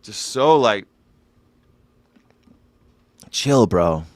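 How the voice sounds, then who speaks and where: A man's voice: fairly low pitch, lively intonation, extremely slow, dry recording. A man hosting a live news reaction show, talking in a sarcastic, irreverent way and swearing freely.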